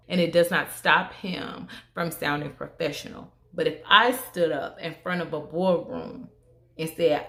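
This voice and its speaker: A young woman with a country Southern twang talks candidly to camera in a relaxed vlog. Her voice sits a little low. The room around her sounds echoey. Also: unhurried. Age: young adult. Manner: candid, conversational, shifts into higher voice for quoted business tone. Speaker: vlogger. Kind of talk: casual get-ready-with-me talk.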